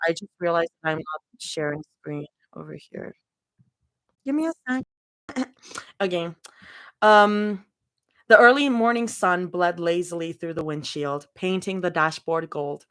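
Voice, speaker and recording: A woman's voice: on the low side, measured pace, pauses often, a bit bright. A woman cold-reading fanfiction live, breaking off into giggly, chatty asides. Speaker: fanfiction reader.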